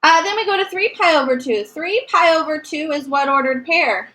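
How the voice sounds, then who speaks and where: A woman's voice: sits high, moderate pace, pushed and bright, poor audio. A woman teaching a math lesson to a class, encouraging and sometimes singing short note patterns. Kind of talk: classroom lecture.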